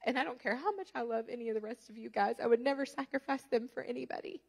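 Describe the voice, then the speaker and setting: A woman, delivering a sermon as a guest preacher. She tells her stories animatedly, keeps asking the congregation questions, and her speaking voice sits a little on the high side. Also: fast, gravelly, slightly rough.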